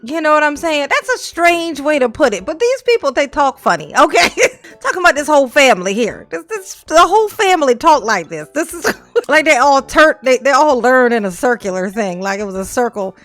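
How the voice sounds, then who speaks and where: High-voiced woman giving mocking commentary. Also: big pitch swings, a little fast, a bit bright, no room sound, faint music behind. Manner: mocking, laughs often, reads lines aloud then reacts; colloquial and chatty, asks rhetorical questions. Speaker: channel host reading and reacting to a letter. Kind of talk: casual sarcastic commentary.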